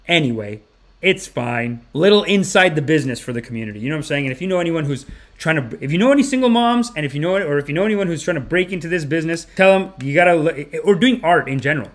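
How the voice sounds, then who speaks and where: A young man telling a rambling, animated story to camera in a casual vlog. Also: on the high side. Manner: rambling, animated, full of restarts. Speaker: vlogger.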